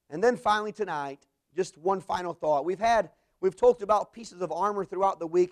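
A man preaching a sermon, swelling into emphatic bursts and dropping to quiet, low endings.

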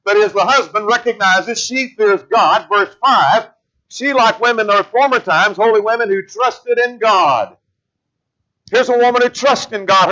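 A man preaching a sermon in a measured teaching manner, slowing down to stress scripture verses. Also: high-pitched, pushed and bright, dull audio.

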